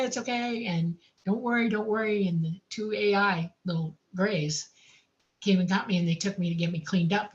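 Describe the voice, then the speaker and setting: A woman recounting a personal experience in a casual, animated way, laughing often and saying "I mean" a lot. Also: lowish voice, dull audio. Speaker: guest recounting an abduction experience.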